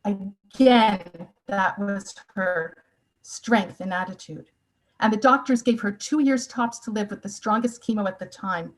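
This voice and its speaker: A woman's voice: mid-range voice, measured pace, rough recording. A woman in her sixties gives a personal testimony talk, telling her family's story with earnest, emotional emphasis. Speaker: speaker.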